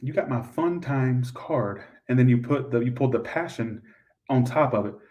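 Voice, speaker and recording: Male tarot reader, brash and crude, middle pitch, some distance from the mic. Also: moderate pace. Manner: blunt, swears freely, loud outbursts. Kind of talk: live tarot reading.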